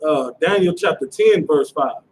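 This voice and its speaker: Man, high voice, casual lecture, faint room noise. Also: expressive, moderate pace, rough recording. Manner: casual, repeats "you understand?". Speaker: class teacher. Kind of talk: scripture class lecture. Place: classroom.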